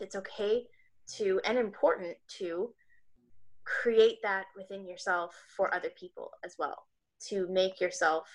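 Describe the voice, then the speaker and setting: A woman in casual conversation, explaining an idea gently and reflectively, often restarting her phrases. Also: mid-range voice, poor audio.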